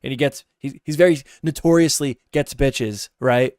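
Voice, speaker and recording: A young man riffing in a blunt, profane, rambling way as he reacts on stream. His voice sounds smooth and resonant. The sound is dry and close, with no room around it. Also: mid-range voice, normal speed, a little mellow, no room sound. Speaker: streamer reacting to a podcast clip. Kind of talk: casual reaction commentary.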